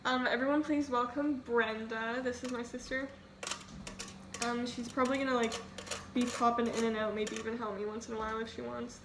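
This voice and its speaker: In a brisk, fairly high voice, a young woman talks through a casual cooking vlog from her kitchen at home. She's chatty and self-deprecating, wandering off topic and saying "like" a lot. The home recording carries constant background noise.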